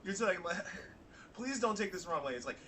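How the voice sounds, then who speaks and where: A playful man joking around as a co-host, his voice high and swinging widely in pitch. Crowd noise fills the background, and he sounds set back from the mic. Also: lively intonation, moderate pace. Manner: playful, jokey riffing. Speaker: co-host and writer. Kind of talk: joking casual chat.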